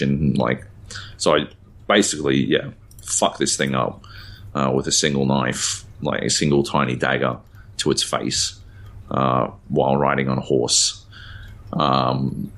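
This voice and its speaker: A man's voice: a bass voice, fairly bright tone. A man co-hosting a podcast, chatting casually and rambling with lots of fillers and offhand swearing. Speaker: podcast co-host. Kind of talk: casual chat.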